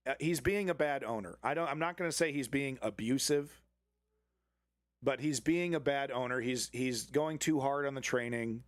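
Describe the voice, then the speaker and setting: Male streamer reacting to a clip, blunt and profane, mid-pitched, dry close sound. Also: moderate pace, no room sound. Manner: blunt and profane, with frequent restarts. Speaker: live news commentary host. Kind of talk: casual live-stream commentary.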